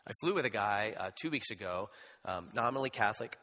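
A man preaching a sermon as pastor, conversational and animated, with asides and humor. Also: fairly low pitch, fast talker. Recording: long hall reverb.

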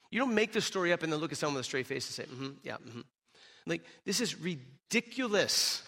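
Bright, emphatic male preacher. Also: fairly high pitch, big-room sound. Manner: animated, emphatic storytelling with rhetorical questions. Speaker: pastor. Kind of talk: sermon.

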